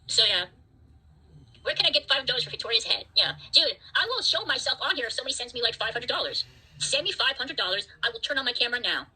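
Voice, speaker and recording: A woman's voice: fairly high pitch, animated, quick pace, pushed and bright, husky, rough recording. A woman hosting a livestream, ranting at her chat in an angry, profane, defiant way. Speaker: livestream host.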